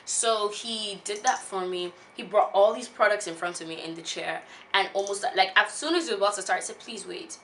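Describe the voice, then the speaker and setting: A woman in her twenties, a beauty vlogger, telling a personal story in a casual, animated way. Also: mid-range voice, a little fast, few pauses, slight background noise. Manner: animated, laughs often while telling.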